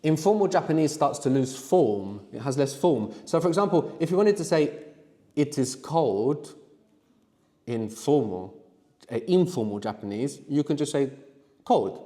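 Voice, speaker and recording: A man's voice: on the high side, animated, warm tone. Man teaching a class in a reverberant room. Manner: explains slowly, prompts students to answer. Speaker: language teacher. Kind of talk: live language workshop. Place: room with students.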